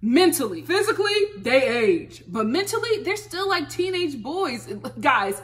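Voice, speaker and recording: A woman's voice: high voice, very animated, measured pace, a bit bright. A woman vlogger recapping a reality show in casual, gossipy commentary, laughing often and recording on her phone.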